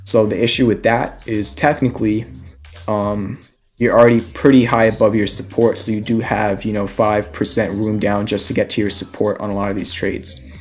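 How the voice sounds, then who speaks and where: A man's voice: mid-range voice, darkish tone. A young man hosting a casual stock trading livestream, a little out of breath, talking through trade ideas and answering chat questions.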